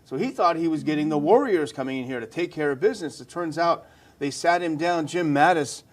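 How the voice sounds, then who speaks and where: Chatty co-host guy, a bit high voiced, agreeable in a political chat. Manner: conversational, agreeable, quick asides. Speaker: podcast co-host. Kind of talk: casual political discussion.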